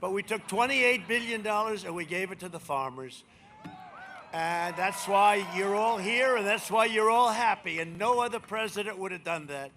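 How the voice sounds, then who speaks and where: A high-pitched man gives a boastful, rambling campaign rally speech into a podium microphone. His tone is bright and forceful, and he swings between shouted lines and low muttered asides. Faint noise hangs in the background. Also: expressive, normal speed. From United States. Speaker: president speaking as a candidate. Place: rally venue.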